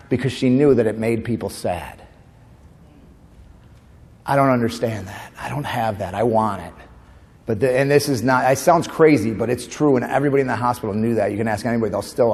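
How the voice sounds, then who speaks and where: A man giving a conference keynote as a comedian and motivational speaker. He moves between tender storytelling and animated comic bits. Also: mid-range voice, a little fast. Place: conference hall. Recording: long hall reverb.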